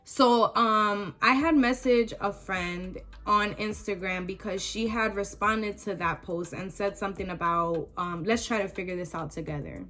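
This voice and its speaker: A woman's voice: medium pitch, measured pace, few pauses, fairly bright tone, soft background music. A young woman vlogger telling a personal story in casual, emotional talk with many fillers.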